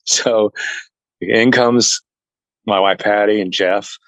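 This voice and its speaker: A man telling a personal story to an interviewer in a casual chat, earnest and animated, acting out what others said. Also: fairly low pitch, takes it slowly, dry recording, low-quality recording. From family heritage is Norwegian. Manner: earnest, animated retelling that acts out other people's lines. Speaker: interview guest.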